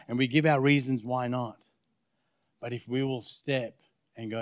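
Guest preacher, Australian man, mid-pitched, dry close sound, storytelling sermon that voices each side of a conversation. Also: steady tone, moderate pace, dry recording. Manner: storytelling, acting out both sides of conversations. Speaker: guest pastor. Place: church.

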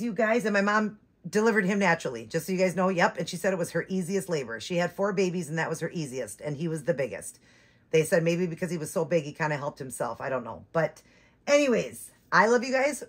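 A woman's voice: low voice, slightly rough. A woman hosting her channel, chatting casually and rambling, with many fillers and restarts. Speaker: doll-collecting channel host. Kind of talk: casual chat.

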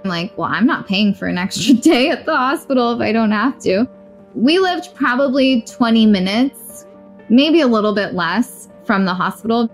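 Young woman, blunt and candid storyteller, acts out quotes, soft music faintly underneath. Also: medium pitch. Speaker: interviewee. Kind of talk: personal storytelling.

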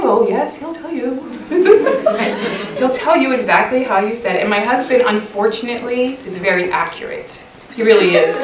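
A middle-aged woman giving a lively, chatty talk at a women's church conference session, often laughing and acting out little quoted lines. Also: mid-range voice. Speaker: conference speaker. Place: church hall. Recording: echoey church hall recorded from far off.

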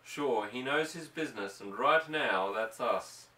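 A man voicing a gruff, steady rancher husband who speaks firmly. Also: medium pitch, measured pace. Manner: gruff and firm. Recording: roomy, distant mic.

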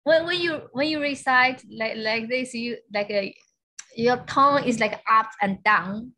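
A woman's voice: fairly high pitch, unhurried, sharp tone. A woman student asking her teacher questions in class, hesitant and full of fillers.

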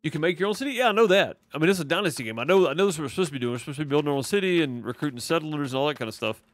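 A man's voice: a little high, lively intonation, very fast. A man with a Mississippi drawl giving loose live commentary over a game he's streaming. He rambles, answers his chat and leans on fillers as he goes. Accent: Mississippi Southern. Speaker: gaming streamer. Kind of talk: casual live gameplay commentary.

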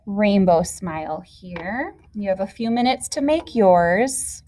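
A woman's voice: mid-range voice, slow pace, warm tone, slight background noise. A woman teacher patiently explaining a classroom activity step by step to young children. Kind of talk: classroom instruction video.

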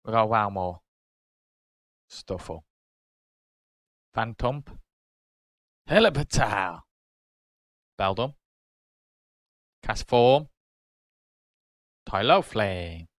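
A British man hosting a card-opening video, casually calling out each card and getting excited over good pulls. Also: lowish voice, drawn-out words, long pauses, no echo, studio quality. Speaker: card-opening channel host.

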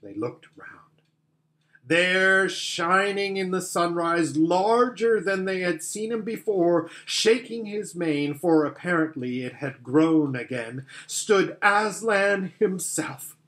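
A man narrating a children's fantasy story as an audiobook reader, with gentle storytelling. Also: sits high, slow pace, few pauses. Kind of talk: scripted narration.

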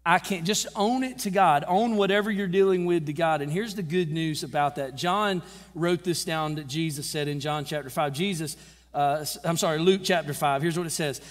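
A man preaching a sermon as pastor, casual and conversational, slowing down for emphasis and acting out Bible quotes. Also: fairly high pitch, long reverb tail. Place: church sanctuary.

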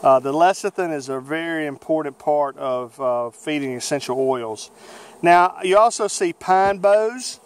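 A man with a Southern American accent, a beekeeper talking through a how-to video outdoors in his bee yard in a folksy, unhurried way with many fillers. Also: on the high side. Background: buzzing bees.

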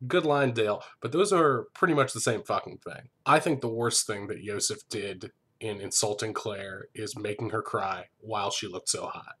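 A man hosting a comedic TV recap, talking in a sarcastic, profane way with deadpan asides. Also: fairly low pitch, moderate pace, few pauses, husky.

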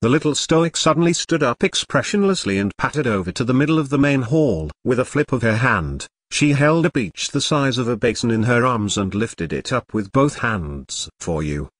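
A man's voice: mid-range voice, sing-song, normal speed, few pauses, no room sound, clean studio sound. A man narrating a novel audiobook in a machine-like, scripted reading. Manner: machine-like reading, reads symbols aloud.

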